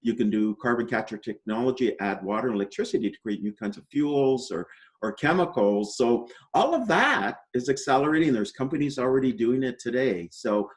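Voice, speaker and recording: A man answering interview questions in an easy, measured way, often tagging points with "right?" and "you know". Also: mid-range voice, animated. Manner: optimistic explainer. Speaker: interview guest.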